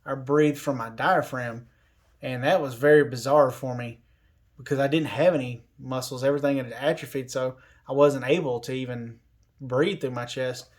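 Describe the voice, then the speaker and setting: A man tells a personal story casually, in an unhurried way. He drifts through fillers and restarts and quotes the people around him. His voice sits at an ordinary middle pitch. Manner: unhurried, lots of fillers and restarts, quoting others. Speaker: covid survivor telling his story.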